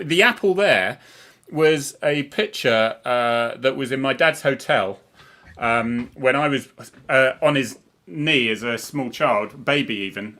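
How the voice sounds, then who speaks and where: Over a video call, this Cornish co-host, a middle-aged man who used to be a police officer, chats casually with a bright, forceful tone at medium pitch. He wanders off topic and laughs while fixing his own slips.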